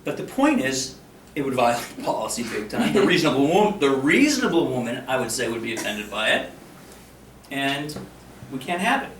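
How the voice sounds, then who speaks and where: A man's voice: mid-range voice, normal speed, a little hiss or hum. Joking male trainer in a roomy room. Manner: joking, animated, acts out example lines. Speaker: workplace harassment trainer. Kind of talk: live training talk to a room. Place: meeting room with audience. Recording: roomy, mic far from speaker.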